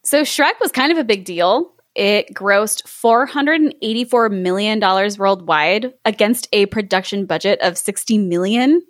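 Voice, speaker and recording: A woman's voice: medium pitch, animated, a little slow, few pauses, no room sound, studio quality. A woman co-hosting a casual podcast chat, sharing trivia in a chatty way and laughing often. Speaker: podcast co-host. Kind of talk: casual chat about a film.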